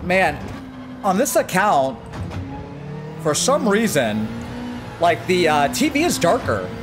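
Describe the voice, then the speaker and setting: An American man on a live stream, chatting casually and excitedly with his viewers and greeting them by name while he races. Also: high voice, takes it slowly, music in the background. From United States. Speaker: gaming livestreamer.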